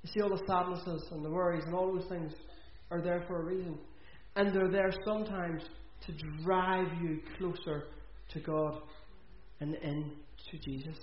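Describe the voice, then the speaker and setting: A man's voice: high-pitched, fairly even intonation, normal speed, slight background noise. A man preaching an earnest sermon in a church, repeating phrases for emphasis. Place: church hall. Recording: echoey, dull church recording.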